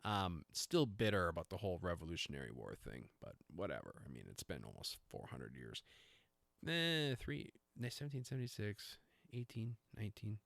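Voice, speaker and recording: A man's voice: sits low, wildly swooping pitch, normal speed, vocal fry, fairly bright tone, no room sound. A middle-aged man hosting a podcast, talking in a rambling, self-interrupting, jokey way. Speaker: podcast host. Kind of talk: casual rambling monologue.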